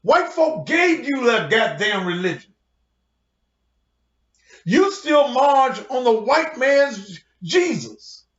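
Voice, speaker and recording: A man's voice: extremely high pitch, sing-song, slow, fairly bright tone. A man who is a pastor, delivering a heated, confrontational rant full of cursing to his online audience. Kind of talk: profane livestream rant. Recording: roomy, dull lo-fi sound.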